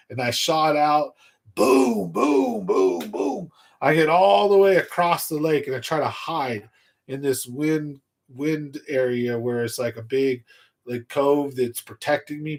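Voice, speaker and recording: A young man hosting a fishing livestream, telling a story in a casual, slangy way and acting out his own thoughts. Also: medium pitch. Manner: animated storyteller, slangy, acts out his own inner voice loudly. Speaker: fishing channel host. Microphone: livestream computer mic.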